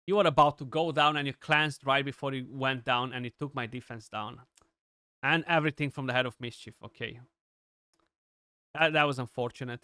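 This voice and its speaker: A young man giving chatty, excitable live commentary on his gameplay, with many restarts and fillers. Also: mid-range voice, normal speed, no room sound, studio quality. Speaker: gaming streamer.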